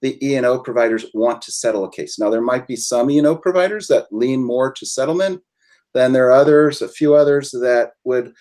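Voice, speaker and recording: A man speaking as an attorney guest on a webinar, measured and explaining legal outcomes step by step. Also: mid-range voice, a little mellow.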